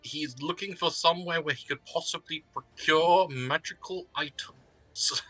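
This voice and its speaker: A man playing a character in a tabletop game, excitable and often laughing. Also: a little high, a little slow, dry recording, faint music behind, rough recording. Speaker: player. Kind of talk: casual tabletop play.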